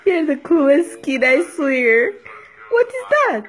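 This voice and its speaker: Laughing young mom, high lively voice. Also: female voice. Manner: laughing, teasing, sing-song. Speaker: mother filming her baby. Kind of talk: playful baby talk. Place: home.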